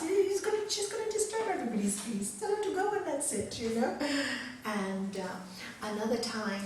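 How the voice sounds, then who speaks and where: A woman's voice: medium pitch, noisy background. A woman yoga teacher giving a spiritual talk to a group, earnest, telling stories and laughing often. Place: teaching centre room. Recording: echoey room, mic far off.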